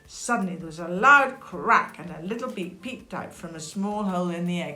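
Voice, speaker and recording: A woman's voice: on the low side, moderate pace, faint music behind. Woman reading a children's story aloud. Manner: lively, chatty asides. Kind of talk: children's picture-book reading. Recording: echoey room.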